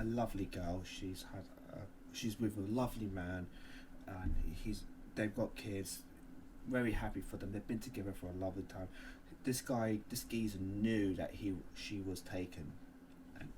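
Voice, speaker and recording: A man co-hosting a podcast in casual chat, animated, often exclaiming and swearing, trailing off mid-sentence. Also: fairly low pitch, background noise. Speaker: podcast co-host.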